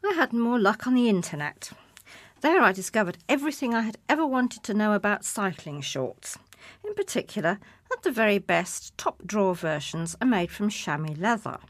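A woman's voice: medium pitch, big pitch swings, moderate pace, no room sound. A woman reading a humorous personal essay aloud in a wry, self-mocking manner. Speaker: essay reader.

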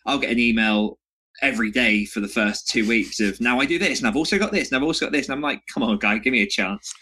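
Bright-voiced joking male co-host. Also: mid-range voice, fast, slightly rough. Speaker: podcast co-host. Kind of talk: casual interview chat.

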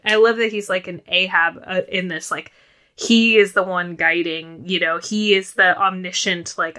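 A woman co-hosting a casual film podcast, talking in an easy, rambling way full of "like" and restarts. Her voice is bright and forward at a middling pitch. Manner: chatty, lots of "like" and restarts. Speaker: podcast co-host.

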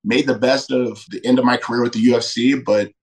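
A man's voice: mid-range voice, steady tone, fairly quick, low-quality recording. A middle-aged man, a podcast guest, telling candid personal stories emphatically and acting out quoted dialogue. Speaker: podcast guest, retired fighter.

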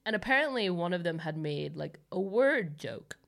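A woman's voice: on the low side, expressive, moderate pace, creaky, fairly bright tone. A woman co-hosting a podcast, chatting casually and laughing often as she tells stories. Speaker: podcast co-host. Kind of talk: casual chat.

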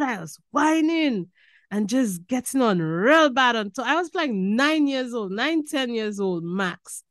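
A woman from Saint Lucia with a Saint Lucian accent, a podcast guest telling stories in animated, casual chat and slipping into Caribbean phrasing. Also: on the high side, measured pace, dry recording, clean studio sound.

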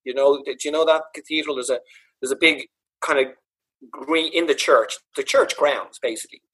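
An author from Dublin, Ireland, guests on a podcast, speaking at normal speed in a fairly high, slightly rough voice on a rough recording. He animatedly recounts funny tales about his father, laughing and cursing as he goes.

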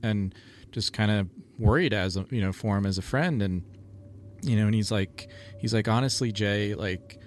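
Guy with a lowish voice rambling through a story, lots of like and you know, faint hiss behind. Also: moderate pace. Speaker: paranormal TV investigator guest. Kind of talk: casual storytelling chat.

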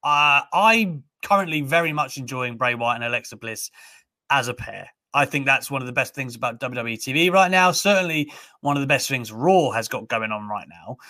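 A man's voice: fairly high pitch, lively intonation, normal speed, sharp tone. A man hosting a wrestling podcast, chatting casually and enthusiastically with many fillers. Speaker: podcast host.

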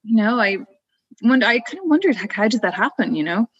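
A woman in her thirties telling a personal story in a relaxed, chatty way, often saying "like" and "you know" and laughing between phrases. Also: on the high side, brisk, slightly rough, muffled recording. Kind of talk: casual storytelling interview.

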